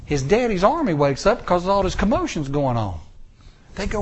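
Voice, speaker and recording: Animated Southern preacher, high lively voice. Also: male voice, normal speed, a little hiss or hum. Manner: animated, folksy storytelling with acted quotes. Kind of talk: sermon.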